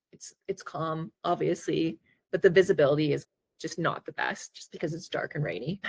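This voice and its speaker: Chatty low-voiced woman telling a story. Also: no echo. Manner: chatty, lots of "like" fillers; acts out her own reactions in quotes. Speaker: podcast co-host. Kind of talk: casual storytelling.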